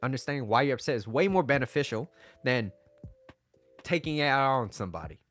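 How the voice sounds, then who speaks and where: A man's voice: medium pitch, animated, fairly quick, a bit bright, faint music behind. Rambling, profane man giving casual advice. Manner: rambling, profane, laughs often, refers to himself in third person. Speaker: dating and relationship advice host. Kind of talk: casual talking-head advice monologue.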